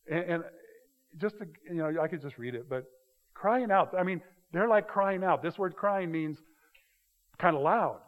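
A male pastor preaching a sermon, talking casually and telling stories with quick acted-out voices. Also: high-pitched. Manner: conversational, animated storytelling with quick acted-out voices. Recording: dull sound with long hall reverb.

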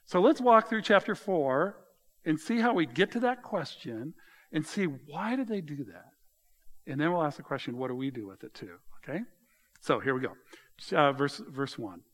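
Animated male preacher, lively delivery. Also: fairly high pitch. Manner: animated, conversational preaching with wide swings in loudness. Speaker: pastor. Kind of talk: sermon.

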